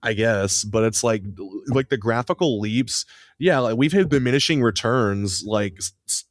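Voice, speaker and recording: A man co-hosting a podcast, chatting casually as an excitable storyteller with lots of fillers. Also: mid-range voice, normal speed, no echo, studio quality. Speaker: podcast co-host. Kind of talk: casual chat.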